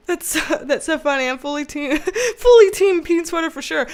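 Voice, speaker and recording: Loud, nasal high-voiced woman. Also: expressive, normal speed. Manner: loud, bubbly and laughs often. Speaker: tarot reader and livestream host. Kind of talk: casual livestream chat reading viewer comments.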